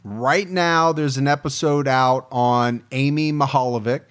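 A man's voice: mid-range voice, steady tone, measured pace, clean tone. A man from Ohio co-hosting a casual podcast, upbeat and teasing in banter with his partner. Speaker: podcast co-host.

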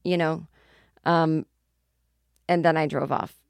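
Woman host in her forties, lower voice, dry close mic, casual animated storytelling. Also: slow, creaky, smooth, dry recording. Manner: animated storyteller with shrieked outbursts. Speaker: podcast host.

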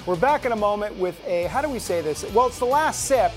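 A woman's voice: medium pitch, animated, a little fast, faint music behind. A woman hosting a talk radio show, reading headlines aloud with mocking sarcasm.

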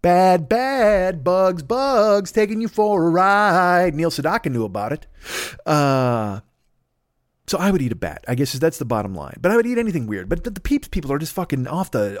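A man's voice: on the high side, fast talker, hardly any pauses, no room sound, clean studio sound. A man in his fifties telling a rambling, crude comic monologue as a podcast host. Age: 50s. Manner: rambling, crude, animated storytelling.

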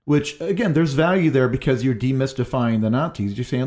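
A man's voice: mid-range voice, expressive, fairly quick, darkish tone. A man talking through ideas in a casual panel discussion, thinking aloud with many fillers. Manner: loose, thinking aloud with frequent "like".

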